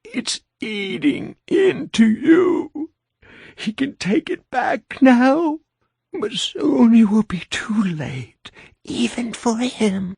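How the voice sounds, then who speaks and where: A man voicing a decaying dead woman with clacking teeth, speaking high and slow, from whisper to shout, in an audiobook. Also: lively intonation, vocal fry, breathy edge, dry recording, exaggerated voice. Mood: urgent menacing. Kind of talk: audiobook character voice.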